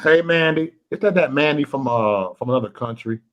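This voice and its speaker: A man's voice: mid-range voice, a little fast, dull audio. A man hosting a late-night livestream, talking crude, boastful and petty, and repeating his phrases. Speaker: livestream host.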